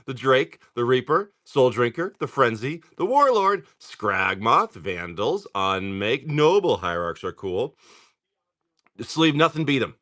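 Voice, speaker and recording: A man hosting a live card-break stream, just woken up and clearing his throat, chatting in a rambling way while rattling off card names. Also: mid-range voice, a bit bright. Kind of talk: casual livestream chatter.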